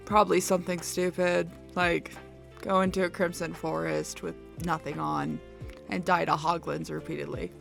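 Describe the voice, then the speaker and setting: A woman's voice: lowish voice, gravelly, bright, forceful tone. A young woman chatting casually over a game build, rambling and mocking herself with frequent laughs. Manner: rambling, self-mocking, giggly. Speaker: Sims builder and YouTuber. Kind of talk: casual voice-over chat over a speedbuild.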